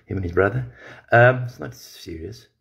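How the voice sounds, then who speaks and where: A man's voice: on the low side, moderate pace, gravelly, fairly bright tone. A man on a livestream, confronting a rival directly with an angry, profane rant.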